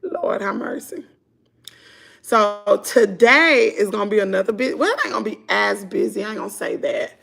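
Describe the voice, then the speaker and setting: A hoarse woman with a Southern US accent, chatting casually with viewers on a live stream. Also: medium pitch, animated, moderate pace, a bit bright. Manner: chatty, talks to viewers as y'all. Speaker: vlogger.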